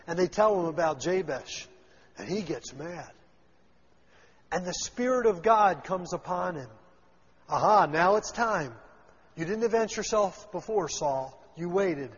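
Working through scripture verse by verse, this preacher has a high, husky voice. He reads the ancient wording aloud and then recasts it in plain speech, acting out the characters' lines, all captured in dull lo-fi sound with a long hall echo.

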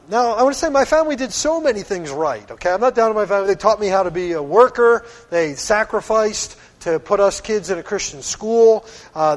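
A middle-aged man from Pennsylvania preaching a sermon as pastor, earnest and firm in a conversational way. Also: high voice. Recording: long hall reverb.

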